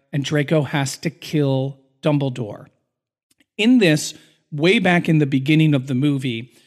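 A man co-hosting a podcast, recapping a film in an earnest, emotional storytelling way. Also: fairly high pitch. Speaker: podcast co-host.

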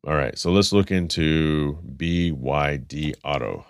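Man, deep voice, stuffed-up nose, casual car news host, dry close sound. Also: measured pace, clean tone, no room sound. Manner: rambling, self-correcting, reading stats then riffing. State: stuffed up, congested. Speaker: podcast host.

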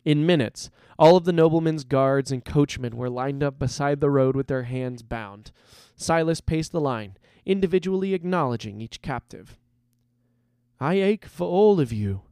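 A man reading a fantasy story aloud as narrator, in a measured and dramatic way. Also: fairly high pitch, darkish tone, smooth, no echo, clean studio sound.

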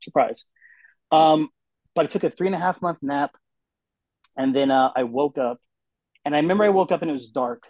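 Male guest, lively storyteller, slightly high pitch, close dry mic. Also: fairly quick, pauses often, dry recording, highs cut off. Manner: animated storyteller acting out quotes. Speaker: guest telling his story. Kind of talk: casual podcast conversation.

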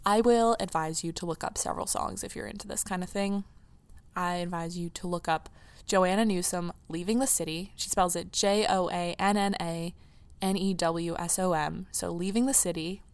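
A woman's voice: fairly low pitch, fairly even intonation, normal speed, clean tone. A young woman in her teens hosting her own casual podcast, gushing and rambling emotionally with restarts, close to tears. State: near tears. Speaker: podcast host. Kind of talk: casual solo podcast chat.

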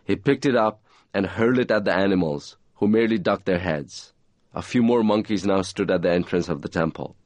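A man reading aloud from his own novel in a measured, even storytelling manner. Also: deep voice, no room sound.

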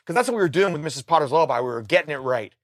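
A middle-aged man, a musician guest, telling a story in a casual, animated way, swearing freely and restarting his sentences. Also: a little high, racing, dry recording, clean studio sound. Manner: animated, profane, frequent restarts.

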